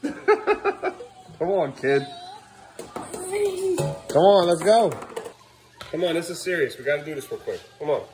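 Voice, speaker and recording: Exasperated dad vlogging at home, higher-pitched. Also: male voice, very animated, slow pace, pauses often, music in the background. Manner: exasperated, rambling, scolding kids. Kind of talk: casual home vlog talk. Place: family home living room.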